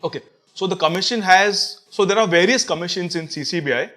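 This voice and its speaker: A man's voice: high-pitched, fairly quick, pushed and bright. A man, a priest being interviewed, who answers in a teasing, bantering way. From Mumbai, India. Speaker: priest guest. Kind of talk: casual interview chat.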